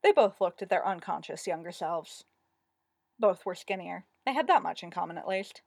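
Expressive woman reading a story aloud. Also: lowish voice, moderate pace, vocal fry, no echo, studio quality. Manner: expressive, lively read-aloud. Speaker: narrator.

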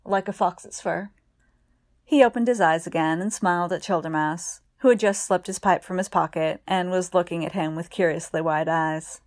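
A woman reading fiction aloud in a calm, unhurried way. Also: lowish voice.

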